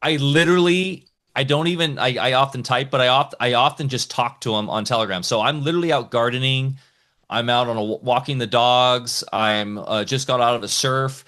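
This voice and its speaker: A man speaking as a guest on a casual podcast, an entrepreneur talking excitedly in rambling bursts with many restarts. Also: mid-range voice, a little fast.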